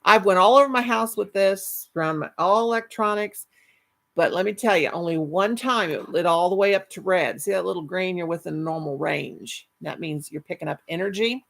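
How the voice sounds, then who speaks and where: A woman's voice: on the low side, moderate pace, gravelly. A middle-aged woman hosting a casual live stream, reading chat and rambling fondly with many restarts. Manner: chatty, affectionate, rambling with restarts.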